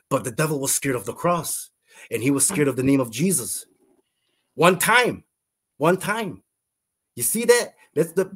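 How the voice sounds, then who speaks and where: A man with a husky, slightly rough voice tells a personal faith testimony as an interview guest. His delivery is earnest and fervent, circling back on words and phrases as he searches for what to say. His pitch sits in an ordinary middle range. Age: adult. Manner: earnest, fervent, often repeats words and restarts.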